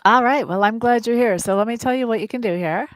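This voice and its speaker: A woman hosts a live tarot reading, talking directly to her viewers in a blunt, playful manner. Her voice is a little high and quick-paced, with no echo.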